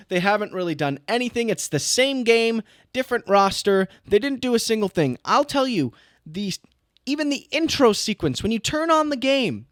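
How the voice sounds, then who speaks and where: Young man, podcast co-host, higher voice, swears a lot, cheerfully rants, dry close sound. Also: expressive, normal speed, dry recording. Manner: profane, ranting, jokey. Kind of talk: casual chat.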